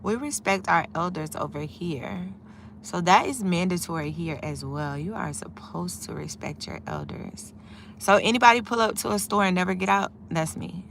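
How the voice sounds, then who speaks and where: A woman's voice: lowish voice, creaky, a bit bright, a little hiss or hum. A middle-aged woman from the United States, chatting casually on a live stream from her parked car, greeting viewers and easily sidetracked. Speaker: live streamer reading chat.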